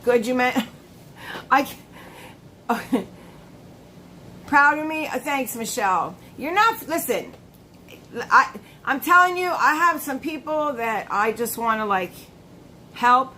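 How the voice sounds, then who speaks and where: A woman's voice: sits high, lively intonation, unhurried, long pauses, bright, forceful tone, a little hiss or hum, poor audio. A woman hosting a casual live stream, chatty and laughing often, greeting her viewers by name.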